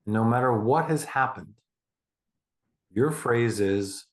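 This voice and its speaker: In a calm, reassuring tone, a medium-pitched man leads a guided meditation. His speech is slow and deliberate, stretched out by long pauses.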